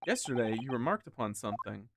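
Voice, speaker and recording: A streamer doing a formal, measured British lord. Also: male voice, medium pitch, big pitch swings, gravelly, noisy background, pitched below the performer's own voice. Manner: measured, formal, faintly condescending. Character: composed, formal British lord, middle-aged man. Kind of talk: reading game dialogue aloud. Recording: game music behind the voice.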